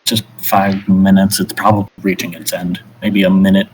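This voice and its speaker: A man's voice: sits low, moderate pace, crowd noise, rough recording. A man running a tabletop game as game master, laughing often as he narrates. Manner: laughing, shouting when excited. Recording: loud noise behind the voice.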